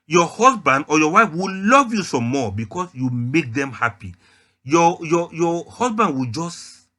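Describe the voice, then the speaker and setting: A man's voice: a little high, sharp tone. Emphatic Nigerian man giving a lecture. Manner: emphatic, teasing, addresses listeners directly. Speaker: Islamic lecturer.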